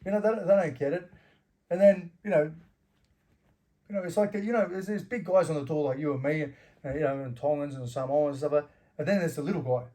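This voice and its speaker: Fast and dark in tone yet on the high side, this middle-aged Australian man, once a fighter and bouncer, shares door stories as an interview guest. He talks casually, curses freely, and dramatizes the quarrels.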